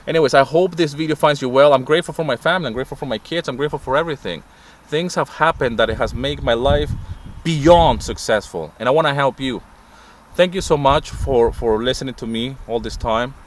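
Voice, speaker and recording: A man's voice: mid-range voice, a little fast, slight background noise. A middle-aged man giving a passionate, rambling vlog monologue while sitting in a parked car. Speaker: vlogger.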